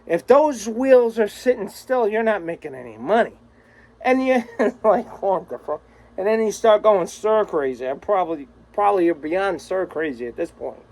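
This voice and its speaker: A man's voice: high-pitched, expressive, moderate pace, hardly any pauses, darkish tone, rough recording. A man recording a casual, rambling video message to a friend, swearing freely and laughing often. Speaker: vlogger.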